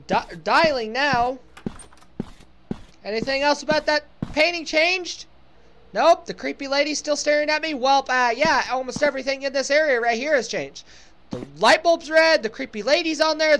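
A woman's voice: sits high, fairly bright tone, slight background noise. A woman giving casual, sarcastic commentary while playing a horror game, joking and talking back to the game. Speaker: let's play gamer.

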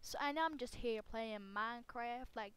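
A young woman with a slightly hoarse voice talking casually over her gameplay at home, rambling and self-mocking, with sudden loud squeals. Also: fairly high pitch, normal speed. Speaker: gaming YouTuber.

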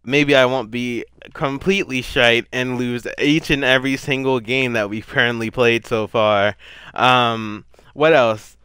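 A man's voice: medium pitch, steady tone, unhurried, sharp tone, clean tone, no echo. A young man giving casual, rambling gameplay commentary, self-deprecating and given to sudden frustrated outbursts. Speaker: gaming YouTuber.

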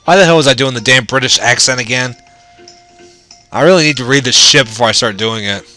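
A man's voice: mid-range voice, a little fast, sharp tone, soft background music. A man giving casual, rambling, profane commentary while playing through a video game. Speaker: let's play gamer.

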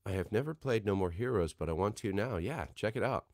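A man's voice: lowish voice, animated, a little fast, a little mellow, dry recording, studio quality. Rambling, chatty man on a livestream. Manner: rambling, chatty, self-deprecating. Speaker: voice actor hosting a signing livestream. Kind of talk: casual livestream chat.

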